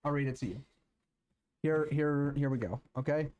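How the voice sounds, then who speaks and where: A man streaming, talking casually and then reading scripture aloud in a halting way, with many filler sounds and restarts. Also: fairly high pitch, a little mellow, slight background noise.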